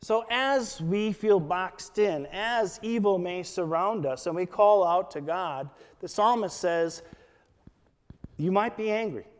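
Slow-preaching pastor in a reverberant hall. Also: male voice, high-pitched. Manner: slow, deliberate preaching with scripture quotations. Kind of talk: sermon.

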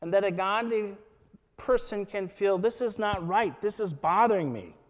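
A man preaching a sermon as a pastor, quoting scripture in a slow, deliberate way. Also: sits high, animated, big-room sound.

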